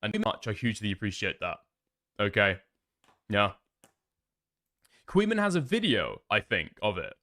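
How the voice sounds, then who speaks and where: A man's voice: fairly low pitch, very animated, normal speed, long pauses, pushed and bright, no room sound, studio quality. A man streaming live, rambling and thinking aloud in casual commentary, with frequent swearing.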